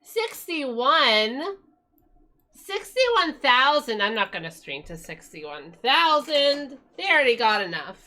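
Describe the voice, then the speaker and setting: A woman's voice: high-pitched, very animated, slow pace, pushed and bright. A woman streamer chatting casually with viewers, rambling and restarting her sentences, her voice tired. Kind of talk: casual live-stream chat.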